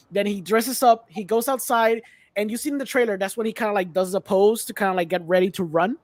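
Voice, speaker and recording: A woman's voice: medium pitch, quick pace, no echo. A Puerto Rican woman co-hosting a podcast, casually retelling a movie scene by scene and acting out the characters' lines, with bits of Spanish. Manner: relaxed recap, slips into Spanish, acts out lines. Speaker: podcast co-host. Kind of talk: casual movie recap chat.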